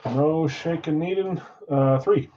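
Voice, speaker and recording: A man's voice: fairly high pitch, takes it slowly, dull audio, heavy background noise. A man hosting a live card break from a card shop, reading out names and teams in a casual, tired way. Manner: casual, reads names off a list, tired and yawning.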